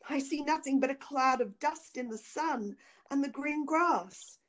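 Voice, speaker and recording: A woman's voice: sits high, unhurried, pitched above the performer's own voice. A woman reading a young sister calling from a tower. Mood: watchful.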